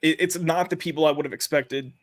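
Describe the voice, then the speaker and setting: A man hosting a casual panel discussion, telling personal stories in an earnest, halting way. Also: a little high, fairly even intonation, no echo. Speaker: podcast host.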